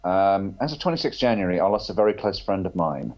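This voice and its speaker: A man on a podcast, speaking earnestly and haltingly with many pauses and fillers. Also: deep voice, big pitch swings, a little mellow, muffled recording. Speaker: podcast guest. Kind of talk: casual chat.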